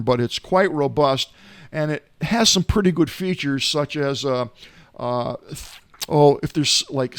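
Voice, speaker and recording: A man's voice: a little high, no echo, clean studio sound. A middle-aged man hosting a tech gadget show from home, talking in a folksy, rambling way with many filler uhs. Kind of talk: casual tech gadget talk. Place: home, not in the studio.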